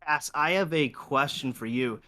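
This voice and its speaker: A man's voice: medium pitch, measured pace, bright, forceful tone. A man guesting on a gaming podcast, asking hesitant, filler-heavy questions. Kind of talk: casual chat about a tabletop campaign.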